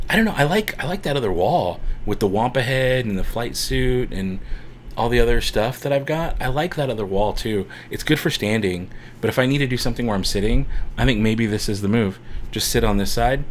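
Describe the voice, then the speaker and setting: A man hosting a casual livestream from a room at home, chatty and rambling with bursts of excitement. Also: on the low side, slight background noise. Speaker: livestream host. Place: home room with a TV behind him.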